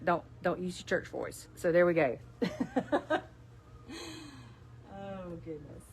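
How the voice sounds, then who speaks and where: A woman's voice: lowish voice, lively intonation, slow, breathy edge. A middle-aged woman with a Southern US accent, running a casual live sales stream for her shop, chatting in a folksy way and laughing a lot. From South Alabama. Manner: chatty, laughs often, folksy asides to viewers. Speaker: store owner presenting products.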